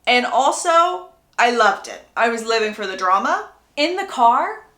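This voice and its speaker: A young woman recapping a book in an animated, sassy, gossipy storytelling style, in an indoor room. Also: fairly high pitch, unhurried. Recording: roomy echo.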